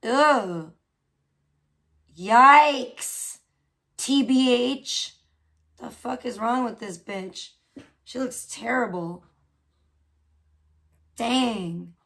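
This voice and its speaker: A woman's voice: a little high, slow, vocal fry. A woman livestreaming from home in casual chat, gossiping and swearing freely while scolding her pet cat. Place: at home indoors.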